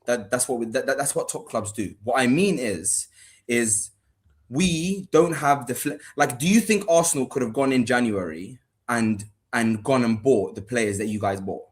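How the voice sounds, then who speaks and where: A man on a football podcast panel, excitable and pleading to finish his point in a heated debate. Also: medium pitch, moderate pace.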